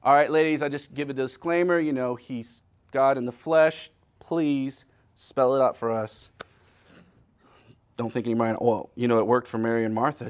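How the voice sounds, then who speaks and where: A man preaching a sermon to a women's gathering, acting out scripture scenes and swinging from loud declarations to hushed near-whispers. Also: mid-range voice, fairly quick.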